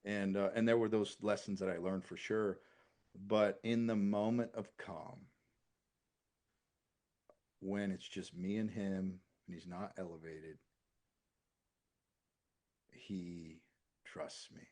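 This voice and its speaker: A man in his forties, a podcast guest talking earnestly in casual chat, often dropping to a hushed voice. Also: deep voice, fairly even intonation, takes it slowly, long pauses. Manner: earnest, swings from loud to hushed.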